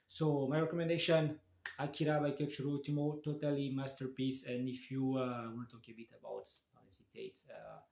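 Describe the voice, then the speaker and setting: A man's voice: medium pitch, flat delivery, creaky, darkish tone, a little hiss or hum. Enthusiastic man in an echoey room. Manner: enthusiastic, halting, many restarts and fillers. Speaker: manga reviewer. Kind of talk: casual video review.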